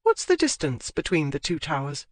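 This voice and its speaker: An audiobook narrator voicing a bold young noblewoman who talks briskly and sounds bored. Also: mid-range voice, huge pitch swings, no echo.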